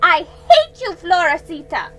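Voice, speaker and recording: A woman's voice: extremely high pitch, slow, faint music behind, voice pushed up, full character voice, poor audio. A woman reading a storybook aloud, voicing a young girl who is heartbroken, furious and close to tears. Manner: shouting in anger, then shaky and tearful.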